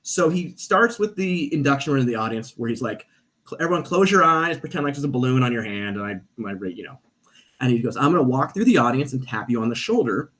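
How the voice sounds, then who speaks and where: Speaking briskly at a medium pitch, a man appearing on a podcast recounts a story in easygoing talk. A stage performer by trade, he's lively and voices the people he quotes.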